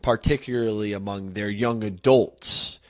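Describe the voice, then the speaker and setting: A man's voice: on the low side, steady tone, unhurried. A man hosting a podcast interview, chiming in thoughtfully with his own view. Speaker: podcast host. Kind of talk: casual interview chat.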